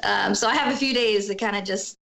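Bright-voiced woman telling her story. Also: mid-range voice, brisk, vocal fry, rough recording. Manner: candid, emotional retelling, acting out quoted speech. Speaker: guest sharing her story. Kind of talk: personal storytelling.

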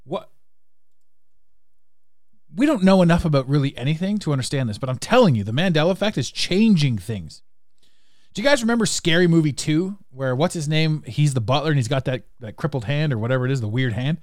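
A man's voice: fairly high pitch, fairly quick, dry recording, studio quality. Rambling, laughing male podcast host. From Canada. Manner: rambling, animated, laughs often. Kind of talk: casual podcast monologue.

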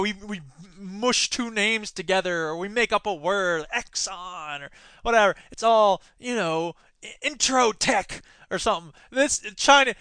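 A man hosting a solo news commentary podcast, sarcastic and animated, arguing with himself. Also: high voice, clean tone, no room sound. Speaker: podcast host.

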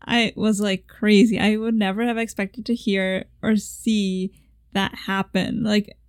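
A woman's voice: mid-range voice, flat delivery, measured pace, smooth, no echo, clean studio sound. A young woman co-hosting a casual chat, asking questions and laughing often. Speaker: podcast co-host.

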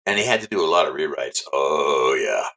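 A man's voice: extremely low pitch, lively intonation, brisk, bright, forceful tone. Chatty man repeating his points. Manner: chatty, emphatic, repeats himself. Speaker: author guest. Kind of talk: casual interview chat.

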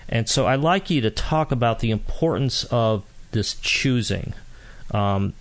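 A man's voice: mid-range voice, animated, unhurried. A man hosting an interview, asking long, rambling questions with frequent restarts. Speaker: interview host. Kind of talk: podcast interview.

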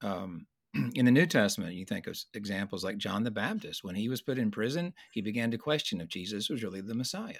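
A man teaching in a conversational Bible study discussion, earnest and explanatory, slowing down to stress key points. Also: on the low side, animated, breathy edge, no echo, studio quality.

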